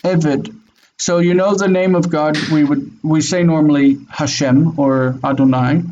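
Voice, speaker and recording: A man's voice: fairly high pitch, fairly even intonation, unhurried, darkish tone. A man teaching Hebrew in an online class, patiently explaining and affirming students with frequent "mm-hmm"s. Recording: dull lo-fi audio with faint noise.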